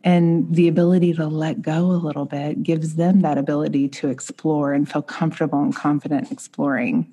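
A woman's voice: low-pitched, steady tone, a little fast, few pauses, warm tone, slightly rough. A woman in her thirties, a mother and podcast guest, earnestly telling a heartfelt personal story in conversation.

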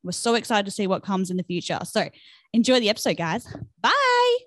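A woman's voice: medium pitch, fast, dry recording. Chatty woman podcast host. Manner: chatty, animated storytelling with lots of fillers. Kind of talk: casual chat.

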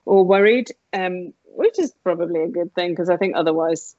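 A woman telling a personal story in conversation, candid and emotional with quick asides. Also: fairly low pitch, dry recording, narrow, tinny audio. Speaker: guest sharing her story.

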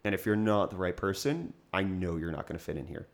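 A man's voice: sits low, brisk, creaky. A young man chatting casually on a podcast, rambling with many fillers and restarts and often laughing. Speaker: podcast co-host, business owner.

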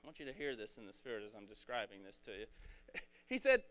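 A man's voice: on the low side, fast talker, fairly bright tone. A young man giving a casual sermon, joking and slangy as he explains a Bible story. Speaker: preacher.

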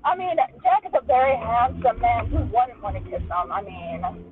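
A woman's voice: a little high, moderate pace. A woman co-hosting a podcast over a call, talking casually with a playful, teasing manner. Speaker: podcast co-host. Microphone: call audio. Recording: tinny noisy call line.

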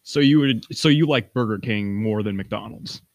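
A man's voice: fairly low pitch, normal speed, no room sound. A man who is a guest on a casual podcast, making blunt, offhand remarks.

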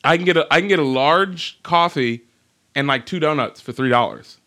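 Podcast host, male, Jersey accent, bright playful delivery. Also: on the high side, normal speed. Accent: New Jersey. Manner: animated, laughing, playful banter. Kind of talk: casual podcast chat.

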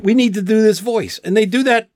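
A man's voice: high-pitched, fairly quick, no room sound, studio quality. A male voice actor, a guest on a podcast, telling stories casually and acting out the people he quotes. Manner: animated storyteller, acts out quotes. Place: outdoors, with gnats around.

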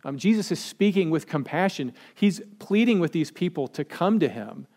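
A man's voice: a little high, expressive, normal speed, a little mellow. A man preaching a sermon to a live congregation in a conversational style, speaking directly to his listeners. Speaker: pastor.

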